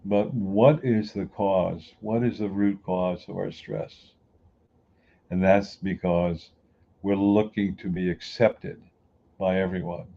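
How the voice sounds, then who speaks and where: A man's voice: deep voice, fairly even intonation, takes it slowly, highs cut off, slight background noise. A man giving a folksy, emphatic motivational talk who grew up on the US East Coast. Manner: folksy, emphatic, acts out everyday people. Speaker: inspirational speaker.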